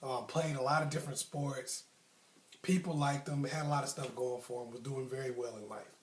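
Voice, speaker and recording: An adult man past his youth, hosting a channel, casually tells a personal story with frequent ums and likes, acting out his friends' tough talk. His voice is medium-pitched and steady at a moderate pace, recorded from a distance in an echoey room.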